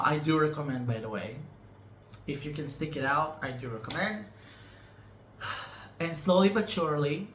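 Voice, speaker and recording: A man's voice: on the high side, sharp tone, a little hiss or hum. A man vlogging about his personal healing, talking in an emotional, rambling way that repeats itself and trails off, frank and a bit teasing with his viewers. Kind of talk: candid personal storytelling to camera. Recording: echoey room recording.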